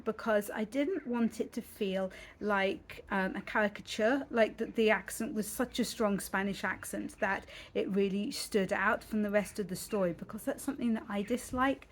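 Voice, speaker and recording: A British woman talking straight to camera in a relaxed vlog. Her voice sits at a middle pitch, and she chats along politely with plenty of ums. She often stops to correct herself mid-sentence. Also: moderate pace. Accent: British English. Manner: chatty, many ums and self-corrections, polite and understated. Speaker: author vlogger. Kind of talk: casual talking-head vlog.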